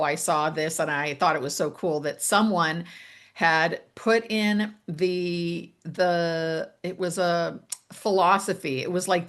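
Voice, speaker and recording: A woman in her fifties with a lowish voice, talking casually as a guest. She rambles through her thoughts with many fillers and small laughs. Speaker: author and guest. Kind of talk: casual conversation.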